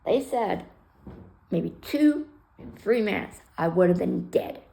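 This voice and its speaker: Speaking slowly and animatedly, this woman has a medium-pitched, creaky, mellow voice. She's a retired fire rescue worker sharing her story in a laid-back vlog, candid and blunt, cursing freely and mixing jokes with raw feeling. When recounting scenes, she plays both parties in each conversation.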